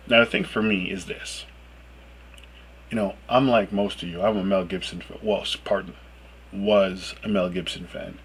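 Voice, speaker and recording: A man's voice: fairly even intonation, normal speed, slight background noise, poor audio. Exasperated man ranting to camera. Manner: emphatic, swears a lot, pitch jumps up when exasperated. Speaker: video blogger. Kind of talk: profane ranting monologue.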